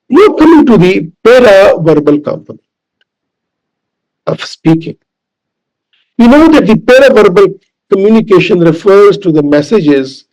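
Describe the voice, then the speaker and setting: A man with a Pakistani English accent lecturing as a professor, deliberate and repetitive, with fillers. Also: a little high, creaky, darkish tone, low-quality recording. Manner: slow, deliberate, repeats key points with fillers. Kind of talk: recorded lecture.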